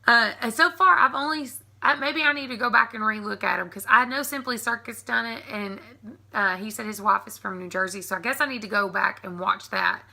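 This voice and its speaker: Bright Southern woman from East Tennessee. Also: a little high, fairly quick, vocal fry. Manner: chatty, laughs often, reads words off a list. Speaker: YouTube creator. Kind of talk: casual accent tag vlog.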